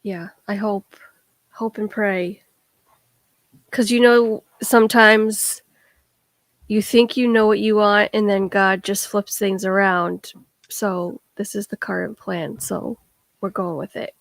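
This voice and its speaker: Slow-speaking woman, dry close sound. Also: mid-range voice, fairly even intonation, gravelly, no echo. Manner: brief reactions, soft and unhurried. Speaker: guest co-host. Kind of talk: casual livestream chat.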